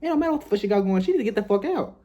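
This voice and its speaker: Irate cursing mother, high shrill pitch as a man mimics her. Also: expressive, very fast, mellow, close to an everyday voice. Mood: furious. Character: angry scolding middle-aged mother.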